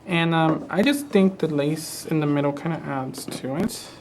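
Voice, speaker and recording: A man teaching a craft project on a live stream, talking in a relaxed, hesitant way and often repeating words. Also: a little high, normal speed, slight background noise. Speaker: craft instructor. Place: studio.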